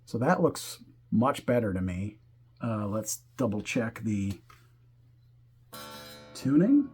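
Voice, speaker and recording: A man walking through a guitar setup step by step, talking in a relaxed way while he works and thinking aloud as he goes. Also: lowish voice, takes it slowly. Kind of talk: hands-on tutorial explanation.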